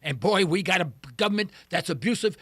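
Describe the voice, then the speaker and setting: Male talk radio host, high and lively, bright dry studio sound, jokey ranting delivery. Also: a little fast, slightly rough, dry recording. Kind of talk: call-in radio monologue.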